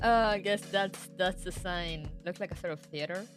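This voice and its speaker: Woman streamer, casual rambling chat with viewers, slightly low voice, music in the background. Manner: chatty, rambling, laughs often. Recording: music playing behind.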